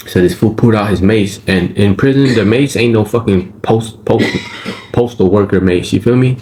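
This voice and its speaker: A man's voice: on the low side, normal speed, a little mellow. A man, telling the story of his time in prison in casual, profane street slang and checking in with his listener as he goes. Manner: profane street slang, frequent "right?" and "you feel me?".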